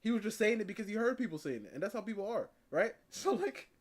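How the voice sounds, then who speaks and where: A man hosting a live stream, chatting casually as he reacts to a video, animated and laughing, repeating words for emphasis. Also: high voice, quick pace.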